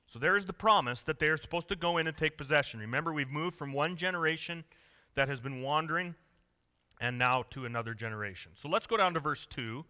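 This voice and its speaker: Bright-voiced preacher in a hall. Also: male voice, fairly high pitch, fast. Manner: conversational, joking, emphatic. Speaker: pastor. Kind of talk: sermon. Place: church. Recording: long reverb of a church hall.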